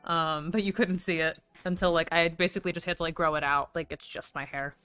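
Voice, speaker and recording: A woman's voice: fairly low pitch, fairly even intonation, fast, a bit bright, faint music behind. A woman livestreamer chatting casually, swearing freely and gushing thanks to her viewers. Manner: chatty, swears a lot, gushes thanks at donations. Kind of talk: casual stream chat.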